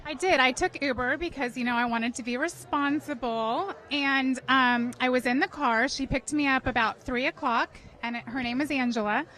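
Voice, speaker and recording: A woman's voice: high voice, normal speed, few pauses, pushed and bright, poor audio. A woman, a public relations guest interviewed on a red carpet, telling a heartfelt story with emotion.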